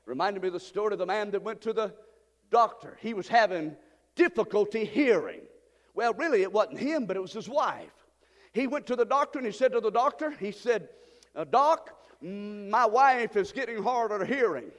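A male pastor preaching a sermon, building up to fervent shouted passages. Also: sits high, expressive, fairly quick, in a large hall.

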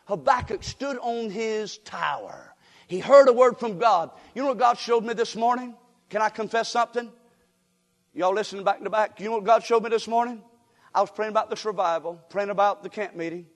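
A man preaching a revival sermon, folksy and direct with the congregation, dropping to quiet asides and rising to shouted exhortation. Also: high voice, a little fast. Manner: folksy, addresses crowd directly. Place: church sanctuary. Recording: long hall reverb.

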